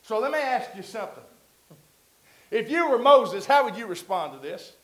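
A man preaching a sermon in a conversational way, rising to loud emphatic peaks. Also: extremely high pitch, expressive, normal speed, reverberant, low-quality recording.

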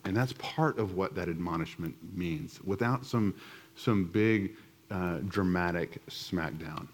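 A man's voice: low-pitched, a little slow. A middle-aged man giving a conversational church teaching, telling a self-deprecating personal story with many restarts.

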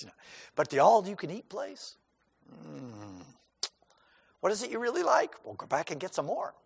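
Full of asides and acted-out scenes with quoted voices, this man's sermon has a conversational, folksy feel. The pastor's voice is medium-pitched and creaky, trailing a long reverb.

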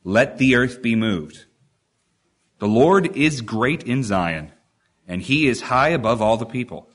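Man, preacher, emphatic sermon, rising rhetorical questions, mid-pitched voice. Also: lively intonation, measured pace, a bit bright, breathy edge. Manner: emphatic, rhetorical questions, reads scripture with stretched stresses.

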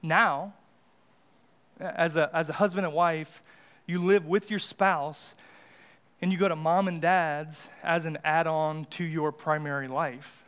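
A man's voice: on the high side, steady tone, slow, a bit bright, clean tone. A young American man preaching a sermon as pastor, casual and conversational with fillers and restarts. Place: church sanctuary.

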